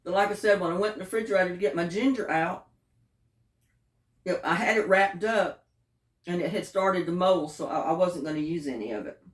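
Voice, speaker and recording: A woman's voice: lowish voice, a little fast, dry recording, studio quality. Chatty woman cooking at home. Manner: homey, chatty, savoring food with murmurs. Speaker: cooking and gardening vlogger. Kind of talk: casual home vlog chat.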